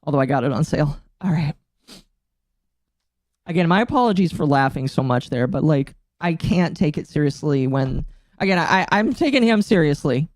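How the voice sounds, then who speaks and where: A woman's voice: low voice, expressive, normal speed, a little mellow, no room sound, clean studio sound. A woman streamer chatting casually to her live chat, giggling and rambling, her throat catching with coughs. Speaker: streamer reacting to a video. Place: home streaming setup.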